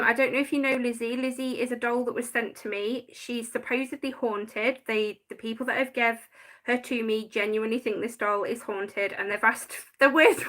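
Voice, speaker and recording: A woman's voice: a little high, fairly bright tone. A woman chatting casually on a live stream, rambling and getting sidetracked while she reads viewers' comments. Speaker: paranormal vlogger.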